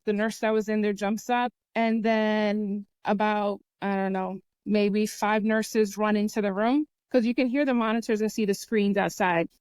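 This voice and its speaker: A young woman with a smooth, clean voice tells a personal story on a podcast, earnest and lively, acting out other people's lines as she goes. Her voice sits close and dry on the mic with no room around it. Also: fairly high pitch, no room sound. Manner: earnest, lively retelling with acted-out quotes and sound imitations. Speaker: podcast host.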